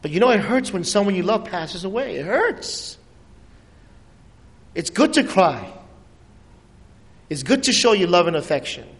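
Pastor, male, high voice, animated sermon delivery with big pitch swings and quiet drops, long hall reverb. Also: a little slow, pauses often.

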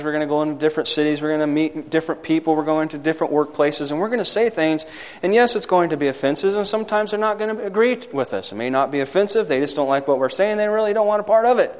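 A man's voice: fairly high pitch, fast talker. Man preaching an emphatic sermon in a reverberant hall. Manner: swings from loud emphatic peaks to quiet asides; asks the congregation for amens. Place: hall or church.

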